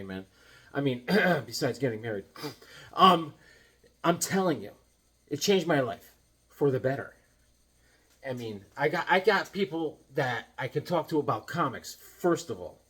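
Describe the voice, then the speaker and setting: A man's voice: on the high side, slightly rough. A tired man hosting a comic collecting channel from his home comic room, telling stories in a jokey, rambling way. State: tired from lack of sleep. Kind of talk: casual rambling storytelling.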